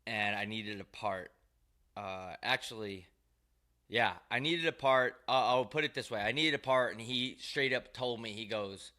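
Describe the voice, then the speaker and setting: A man's voice: mid-range voice, moderate pace, sharp tone. A man hosting his own show, telling rambling, profane, wry stories in a loose monologue. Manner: profane, wry, ranting storyteller. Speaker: show host.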